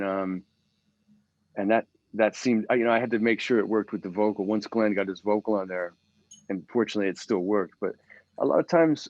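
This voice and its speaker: A man's voice: fairly low pitch, dry recording, highs cut off. A middle-aged man, a guitarist guest, chatting casually in an interview and telling stories with many fillers and restarts.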